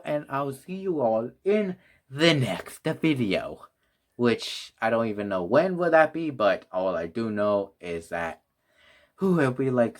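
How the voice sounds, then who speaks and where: A man reviewing toys in a casual vlog, rambling and restarting as he talks, out of breath and sighing. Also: mid-range voice. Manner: rambling, restarts often, sighs. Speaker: toy reviewer.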